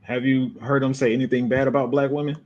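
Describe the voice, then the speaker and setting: A man hosting a podcast, chatting casually and haltingly about a clip. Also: medium pitch, flat delivery, highs cut off. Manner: halting, repeats himself. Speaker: podcast host. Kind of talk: casual chat reacting to a clip.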